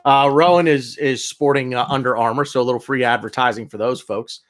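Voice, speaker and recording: A man's voice: mid-range voice, steady tone, a little fast. A man hosting a casual football fan podcast, rambling and repeating himself as he reads sponsor plugs. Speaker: podcast host.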